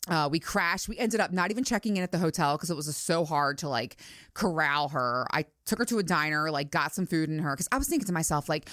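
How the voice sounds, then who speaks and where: Middle-aged woman, podcast host, lowish voice, candid and chatty, swears freely, dry close sound. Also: expressive, brisk, fairly bright tone, no echo. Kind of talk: casual storytelling monologue.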